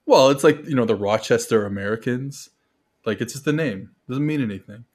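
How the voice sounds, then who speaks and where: A man from Montreal talks as a podcast guest in a medium-pitched voice. He rambles earnestly, often restarts his sentences, and fills them with "like" and "you know". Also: a little fast. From Montreal, Canada. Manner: rambling, filler-heavy, earnest. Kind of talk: casual podcast chat.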